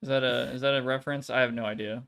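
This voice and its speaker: A man's voice: mid-range voice, fairly even intonation, very fast, gravelly, fairly bright tone. A man streaming a video game and chatting casually, rambling, swearing often and laughing easily. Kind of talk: casual chat.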